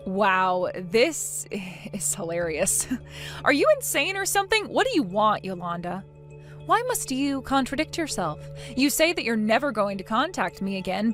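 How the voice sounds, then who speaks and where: Female reader, high and swingy delivery, scornful story narration over light music. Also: fairly bright tone. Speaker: reader voicing both sides of a text-message argument. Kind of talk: scripted story reading.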